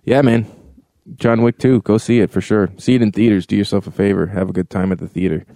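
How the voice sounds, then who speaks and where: A man's voice: fairly low pitch, fast talker, no room sound, clean studio sound. A man co-hosting a film review podcast, talking casually and animatedly with lots of swearing and fillers. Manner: animated, profane, filler-heavy.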